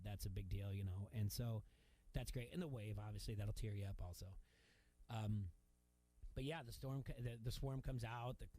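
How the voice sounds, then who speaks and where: A man's voice: on the low side, warm tone. A man hosting a sports radio show, telling a long story in a casual, rambling way, full of fillers and restarts.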